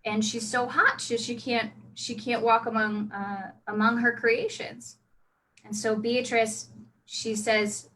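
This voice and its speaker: Woman player, casual storyteller, chatty, bright, slightly high voice. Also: flat delivery, slow pace, slight background noise, poor audio. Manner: chatty, with restarts and laughs. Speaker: role-play player.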